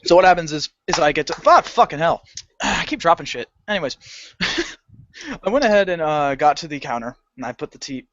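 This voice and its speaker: A young man telling a story on a podcast, animated and swearing, acting out the people in it. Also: fairly high pitch, dry recording, dull audio. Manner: animated, swearing, acts out customer voices. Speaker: podcast co-host. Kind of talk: casual storytelling rant.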